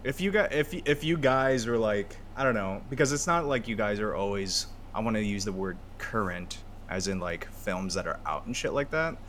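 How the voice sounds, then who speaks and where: A man's voice: lowish voice, moderate pace, few pauses, a little hiss or hum. A man guesting on a podcast, chatting casually with lots of swearing and laughter. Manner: profane, laughing, animated storytelling. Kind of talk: casual chat.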